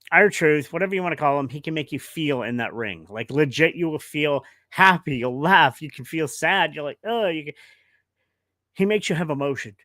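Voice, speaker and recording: A man's voice: a little high, animated, normal speed, sharp tone, no echo. A man streaming casual commentary, rambling and emotional, with many restarts.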